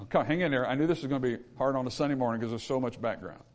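A man's voice: mid-range voice, very fast. A male pastor preaching a sermon in an emphatic, repetitive way, with humorous asides.

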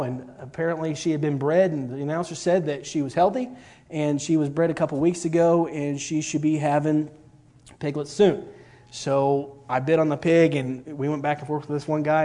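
A man's voice: fairly high pitch, a little mellow. A middle-aged man, telling a rambling personal story in a sermon, full of fillers. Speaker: preacher.

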